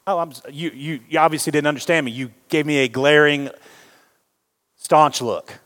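A man preaching a sermon, animated and joking with the congregation. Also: on the high side, moderate pace. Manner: animated, jokes with the congregation, acts out quoted voices. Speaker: pastor. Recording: long reverb of a large hall.

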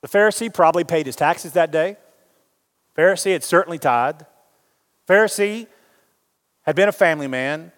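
A man preaching a sermon, animated and joking with the congregation. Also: on the high side, normal speed, pauses often. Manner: animated, jokes with the congregation, acts out quoted voices. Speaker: pastor. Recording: long reverb of a large hall.

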